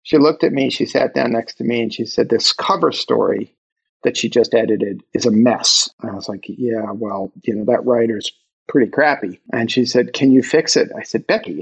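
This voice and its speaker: A middle-aged man with a gravelly, husky voice reflects on his career and acts out old conversations. The sound is dull and lo-fi. He speaks with emotion and ranges widely when quoting others. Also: mid-range voice. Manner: emotional, animated retelling of conversations. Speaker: interview guest, author. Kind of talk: reflective storytelling.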